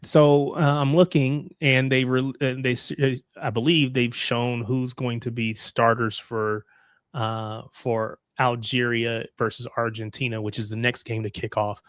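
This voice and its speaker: A man's voice: mid-range voice, level tone, unhurried, smooth, dry recording, clean studio sound. A man from the United States in a casual football chat, curious and asking lots of questions.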